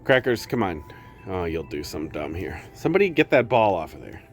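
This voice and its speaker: A man's voice: low-pitched, sing-song, brisk, faint music behind. A man streaming live, chatting casually with his viewers and cooing to his pets.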